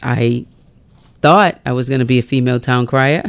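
A woman's voice: a bass voice, normal speed, gravelly, clear, resonant tone. A woman morning radio host chatting casually on air and often laughing at herself.

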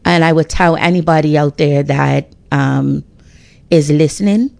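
A middle-aged woman speaks on a radio talk show in a deep, low register. Her delivery is emphatic and preachy, full of faith encouragement and restarts. The sound is dry and close, with no room around it. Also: fairly even intonation, measured pace, gravelly, a little mellow, no echo.

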